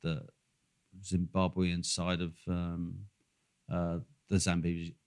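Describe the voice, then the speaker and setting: A man's voice: deep voice, monotone, takes it slowly, a little mellow, smooth. An older man telling a long, rambling travel story in casual chat, swearing freely and full of fillers. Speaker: podcast co-host.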